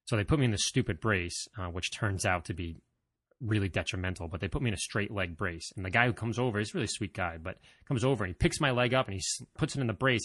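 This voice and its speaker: A man's voice: lowish voice, quick pace, fairly bright tone, dry recording, studio quality. A man telling a personal story to his viewers in a casual, rambling way, with plenty of fillers, self-corrections and self-deprecating humor. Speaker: vlogger.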